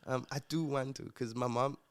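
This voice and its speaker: A man from Africa, a podcast guest telling his story in a casual, reflective way, pausing with fillers and restarts. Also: medium pitch, steady tone. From South Africa.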